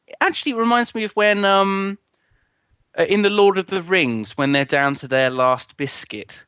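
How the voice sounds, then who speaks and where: A man's voice: high-pitched, normal speed, bright, forceful tone, clear, resonant tone, dry recording. A man co-hosting a casual chat, rambling and joking with lots of fillers. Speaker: co-host.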